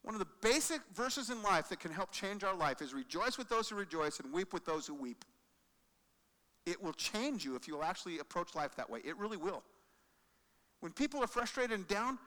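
A man preaching a sermon in an animated way, swinging from loud acted-out quotes to quiet emphasis, recorded in a large church sanctuary. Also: high-pitched. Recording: long reverb of a large hall.

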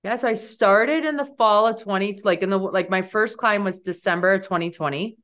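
A woman in her forties, a guest on an interview podcast, telling a story in a lively way and jumping up in pitch when she quotes herself. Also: moderate pace. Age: 40s. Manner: animated, leaps high when quoting herself.

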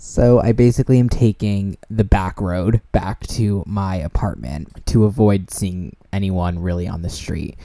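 A young man hosting a podcast, telling a story in a casual, animated way, swearing freely and using lots of fillers. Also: lowish voice, no echo. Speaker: podcast host.

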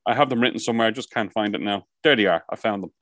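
Outdoors by the coast, a podcast co-host races through rambling stories, cursing a lot in the casual chat. He has a lowish, slightly bright voice, recorded dry.

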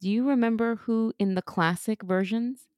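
A woman co-hosting a casual podcast, animated and opinionated, full of quick asides. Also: on the high side, no echo, clean studio sound. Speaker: podcast co-host. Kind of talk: casual chat.

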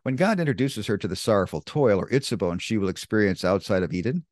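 Male bible teacher, lively pitch, emphatic and careful, close dry mic. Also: no room sound. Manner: deliberate, emphatic, spells out key words.

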